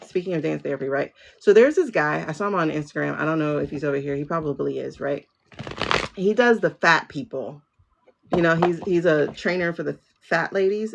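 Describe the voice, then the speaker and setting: A woman's voice: deep voice, gravelly, a little hiss or hum. A woman hosting a spiritual livestream, chatting casually and talking straight to her viewers. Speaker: livestream host, tarot reader.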